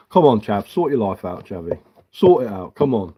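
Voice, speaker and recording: Man, thirties, live stream chat reading, mocking, sarcastic, blunt, medium pitch. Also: animated, normal speed, mellow. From England.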